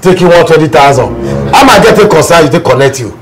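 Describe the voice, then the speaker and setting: Nigerian Pidgin-accented man, comic sketch, lamenting and animated, lively pitch, music underneath. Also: quick pace. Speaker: comedic sketch actor. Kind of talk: comedic sketch acting.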